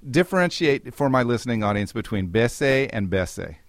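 A man's voice: mid-range voice, very animated, brisk, no room sound. A man hosting a radio interview, playful and jokey as he asks questions. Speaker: radio host.

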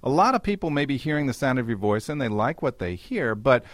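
A male radio host interviewing a guest, guiding him with steady questions. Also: medium pitch, fast talker, dry recording.

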